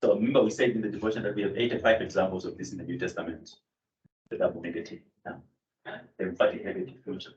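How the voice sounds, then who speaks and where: A man's voice: low-pitched, flat delivery, racing, darkish tone. A man teaching a Greek grammar class, explaining step by step with fillers and self-corrections. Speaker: Greek lecturer. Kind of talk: classroom lecture. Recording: echoey room, distant mic, dull sound.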